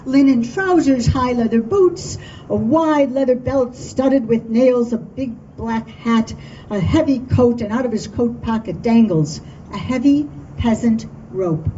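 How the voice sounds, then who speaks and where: A woman storyteller telling a folk tale to an audience at a dinner event, in a lively, expressive way. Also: fairly high pitch, unhurried, slight background noise. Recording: dull distant room recording with faint ambience.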